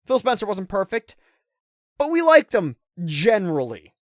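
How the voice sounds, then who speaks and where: Irritated, animated woman ranting about games. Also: mid-range voice, moderate pace, no room sound, clean studio sound. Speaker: gaming video creator. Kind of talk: casual commentary to camera.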